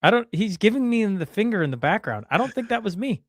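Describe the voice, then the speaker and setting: Podcast host guy, animated voice that jumps around a lot, bit high, dry close sound. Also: dry recording. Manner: lively, teasing, quick asides. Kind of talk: casual morning show chat.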